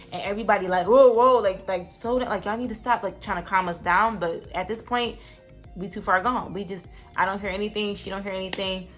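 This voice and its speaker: A young woman tells a story on her vlog at a quick clip. She talks casually, swears freely and acts out the lines of the people in her story. Faint music plays underneath. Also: fairly low pitch, fairly bright tone. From Detroit. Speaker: vlogger.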